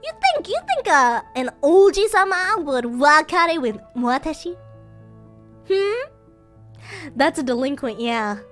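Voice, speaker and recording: A woman's voice: high voice, very animated, takes it slowly, fairly bright tone, soft background music. A woman streaming a playful Japanese vocabulary lesson, giggling often and acting out little scenes.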